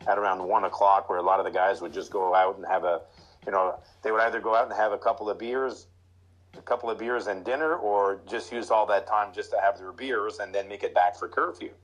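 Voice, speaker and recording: Husky-voiced man telling hockey stories. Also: brisk, poor audio. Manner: animated anecdotes, high put-on voices for quoted lines. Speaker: former pro hockey player, guest. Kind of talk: casual storytelling.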